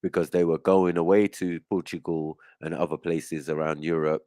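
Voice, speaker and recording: Male panel guest, very low voice, talks in long explanations. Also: level tone, normal speed, dark tone, dry recording. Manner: explains at length, checks in with "right?" and "you get me". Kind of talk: casual panel discussion.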